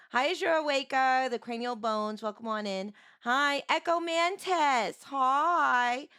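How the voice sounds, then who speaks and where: A woman streamer with a sore, hoarse voice, greeting chat viewers one by one and chatting casually on a live stream. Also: sits high, lively intonation, slow, sharp tone, dry recording, clean studio sound.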